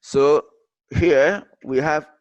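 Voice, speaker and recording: A man teaching an English grammar lesson, explaining in English mixed with Arabic, halting and repeating himself with many fillers. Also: a little high, steady tone, dry recording, muffled recording.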